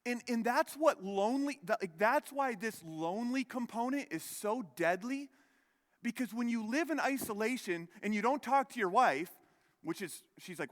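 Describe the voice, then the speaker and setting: A man's voice: extremely high pitch, lively intonation, moderate pace. A man in his thirties preaching a sermon as pastor, telling a rambling personal story with many restarts and self-deprecating asides. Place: church sanctuary. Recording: long hall reverb.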